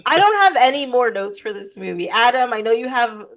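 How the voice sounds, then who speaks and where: A woman's voice: a little high, sing-song, a little fast, a bit bright. A woman hosting a casual film podcast, chatty and apologetic, steering the conversation between guests. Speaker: podcast host. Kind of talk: casual film discussion chat.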